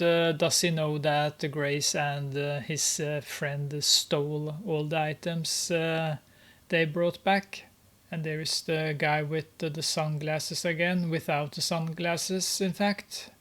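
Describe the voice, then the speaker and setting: A gamer giving commentary on gameplay, narrating with many hesitations and amused exclamations. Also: mid-range voice.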